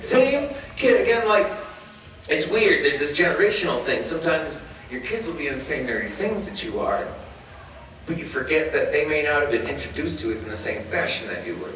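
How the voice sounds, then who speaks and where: A man in his thirties telling comedic stories on a convention panel, animated and laughing often, swearing freely. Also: fairly high pitch, fairly quick, a little hiss or hum. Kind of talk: casual comedic storytelling. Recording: echoey room from far off.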